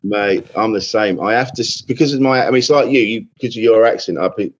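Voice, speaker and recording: A man's voice: on the low side, fast, slightly rough, muffled recording. A man, a comedian chatting on a podcast, telling stories with a self-deprecating streak. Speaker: comedian guest. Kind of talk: casual podcast chat.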